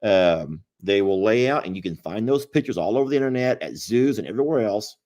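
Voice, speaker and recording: Animated folksy man. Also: on the low side, fairly quick. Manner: folksy, playful, rambling with restarts. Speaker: animal sanctuary owner, livestream host. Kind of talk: casual livestream chat.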